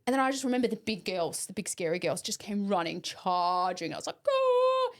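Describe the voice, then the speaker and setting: A woman's voice: lowish voice, fast talker. A young woman hosting a podcast, telling a story animatedly, swearing freely and acting out the voices in it. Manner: animated, swearing, acts out voices in her stories. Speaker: podcast host. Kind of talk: casual storytelling chat.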